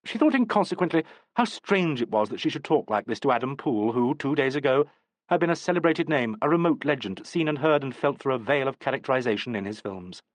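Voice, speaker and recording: Male narrator, classic novel reading, lively, dry close mic. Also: medium pitch, a little fast, no room sound. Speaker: audiobook narrator. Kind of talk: scripted narration.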